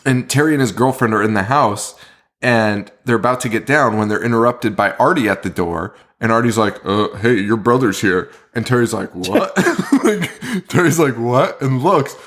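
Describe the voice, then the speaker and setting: A man's voice: mid-range voice, expressive, moderate pace, fairly bright tone. Laughing man recapping a horror movie. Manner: laughs often, heavy swearing. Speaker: podcast co-host.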